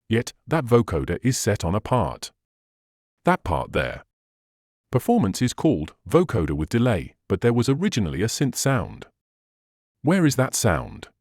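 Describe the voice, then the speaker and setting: Male tutorial host, low and lively pitch, dry close sound, patient step-by-step explainer. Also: no room sound. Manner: patient step-by-step explaining, slightly non-native phrasing. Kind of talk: instructional screen walkthrough.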